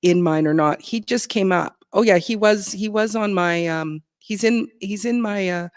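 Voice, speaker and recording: A man's voice: high voice, normal speed, smooth, no echo, studio quality. A man in his fifties chatting on a livestream, reading out chat with many fillers. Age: 50s.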